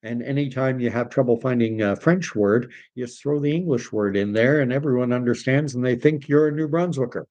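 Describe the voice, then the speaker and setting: A man's voice: medium pitch, fairly quick, few pauses, darkish tone, muffled recording. A man from Canada hosting a casual livestream, reading viewer comments aloud and rambling between topics, dropping in French phrases as he goes. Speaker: livestream host reading chat.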